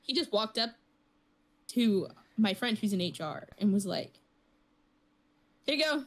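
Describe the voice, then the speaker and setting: A woman's voice: mid-range voice, unhurried. A woman co-hosting a podcast, telling an amused story in casual chat. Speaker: podcast co-host.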